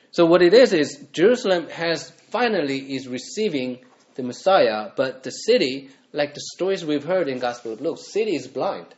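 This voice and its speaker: A man's voice: mid-range voice, muffled recording. A man, a pastor, preaching a sermon in a conversational way, often asking the congregation rhetorical questions.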